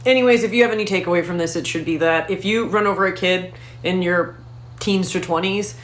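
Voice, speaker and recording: A woman comedian telling a profane, animated story in stand-up style. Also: fairly low pitch, a little fast. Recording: roomy echo.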